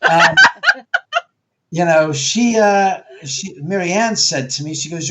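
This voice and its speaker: A man's voice: sits high, expressive, slow pace, fairly bright tone, slight background noise. Guy telling stories in an interview, swears a lot, voice all over the place. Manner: blunt, profane, storytelling with acted quotes. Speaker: guest, haunted house owner. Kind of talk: animated interview talk.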